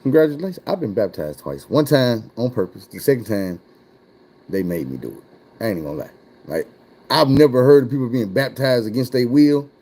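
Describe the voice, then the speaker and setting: A man's voice: mid-range voice, sing-song, brisk, dark tone. A man telling a wild personal story in casual, profane chat, his voice jumping up when he gets worked up.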